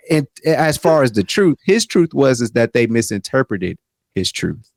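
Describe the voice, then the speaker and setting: A man co-hosting a podcast in casual chat, rambling and animated with many restarts. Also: mid-range voice, normal speed, creaky, dry recording, clean studio sound. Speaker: podcast co-host.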